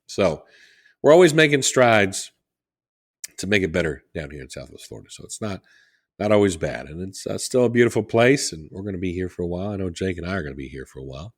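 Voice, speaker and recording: Low husky man, rambling promo chat. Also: lively intonation, fast. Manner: rambling, repeats phone number for promotion. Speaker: podcast co-host. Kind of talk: casual chat. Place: Southwest Florida.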